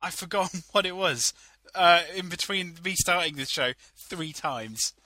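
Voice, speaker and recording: A man's voice: high-pitched, expressive, unhurried, bright, forceful tone, dry recording. A young man co-hosting a podcast in casual, rambling chat, laughing often. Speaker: podcast co-host.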